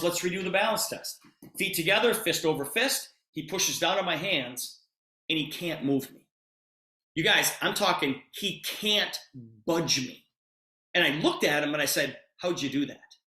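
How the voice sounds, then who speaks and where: Guy on a zoom call telling a story, acts out both people, roomy sound. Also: a little high. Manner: animated storyteller who acts out both sides of the talk. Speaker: presenter of a business opportunity call. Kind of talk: storytelling pitch on a video call.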